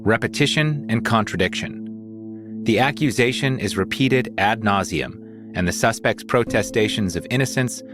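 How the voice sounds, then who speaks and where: A man narrating a scripted podcast in a steady, deliberate way. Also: fairly low pitch. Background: music.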